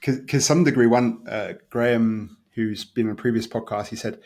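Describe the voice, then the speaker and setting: A man hosting a podcast, talking candidly and searchingly, stumbling and repeating words as he thinks out loud. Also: mid-range voice, fairly even intonation, moderate pace. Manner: candid and searching, with many stumbles and soft laughs. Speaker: podcast host and coach. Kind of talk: open conversational chat.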